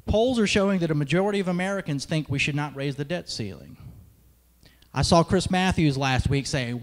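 A man's voice: fairly high pitch, brisk. A young man giving an emphatic political speech at a conference, with sarcastic asides. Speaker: conference speaker, radio host. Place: large hall. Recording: long hall reverb.

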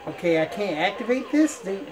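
A man's voice: high voice, big pitch swings, brisk. A man giving playful let's-play commentary, laughing often as he talks. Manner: playful, laughs often, folksy drawl-like phrasing. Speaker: gamer.

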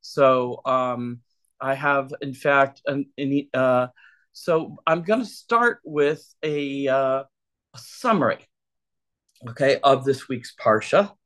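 A man's voice: mid-range voice, slow, fairly bright tone. A man leading a casual Torah study, chatty and loose, who keeps checking in with his listeners.

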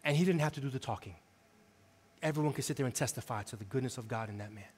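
A man preaching a sermon as associate pastor, telling a story in a lively, conversational way and swinging between loud preaching and quiet, intimate moments. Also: mid-range voice, fast talker, husky. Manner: animated storytelling, conversational with the congregation. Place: church sanctuary.

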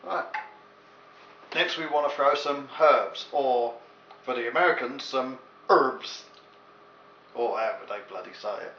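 A man's voice: medium pitch, normal speed, pauses often, a bit bright. English man, chatty cooking demo, jokey asides, echoey kitchen, dull lo-fi sound. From England. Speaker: home cook. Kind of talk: casual cooking demonstration. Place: home kitchen. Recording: echoey, dull lo-fi with faint hiss.

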